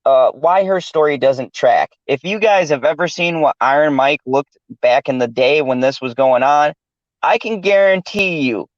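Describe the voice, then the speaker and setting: A man hosts a casual podcast chat, laughing often and cursing freely in a loose, profane way. His voice is a little high at a normal speed, on a dull, dry lo-fi recording with no echo.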